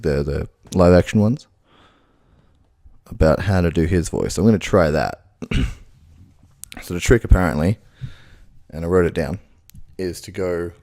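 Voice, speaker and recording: A man's voice: sits low, a little mellow, no room sound. A man rambling and swearing to himself in a casual practice session at home, right up on a close microphone. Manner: rambling, swearing self-talk. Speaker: impressionist youtuber. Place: room at home.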